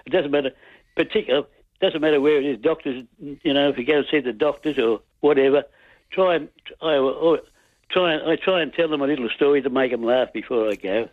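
A man's voice: medium pitch, brisk, dry recording. A man calling a radio show, cheerful but hesitant, stumbling over his words. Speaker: caller. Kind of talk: phone-in chat and joke telling. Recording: tinny phone line.

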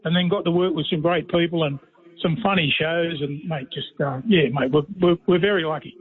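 A high-pitched Australian man yarns down a tinny phone line. He rambles in a folksy way and leans on "mate" in nearly every breath. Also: fairly quick. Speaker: radio guest, former player and commentator. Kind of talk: casual storytelling chat.

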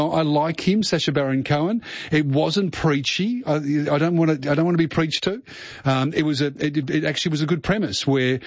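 A man's voice: fairly high pitch, no room sound. Chatty man hosting radio. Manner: rambling, chatty. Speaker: radio show host. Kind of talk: casual radio chat. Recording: muffled radio broadcast.

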